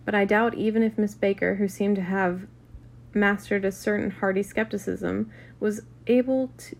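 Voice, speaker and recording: A woman's voice: mid-range voice, steady tone, moderate pace, creaky. A woman reading a classic novel aloud in a casual, unpolished way, with occasional restarts and asides. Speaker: reader.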